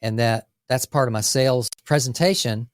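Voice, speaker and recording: A man co-hosting a casual business podcast, talking energetically through lists with quick asides about running a landscape company. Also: medium pitch, smooth, dry recording.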